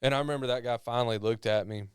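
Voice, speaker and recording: A man's voice: medium pitch, fairly even intonation, clean tone, dry recording, clean studio sound. A man tells a personal story as a podcast guest, often stumbling and repeating words as he goes. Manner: halting, repeats words when emotional.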